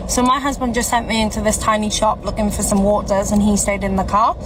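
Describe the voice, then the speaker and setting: A Welsh woman tells an embarrassing travel story to camera, animated and laughing at herself. Her voice sits in a medium register. Steady noise from traffic outside runs behind her. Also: medium pitch, fast. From Wales. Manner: animated, self-mocking anecdote. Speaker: vlogger.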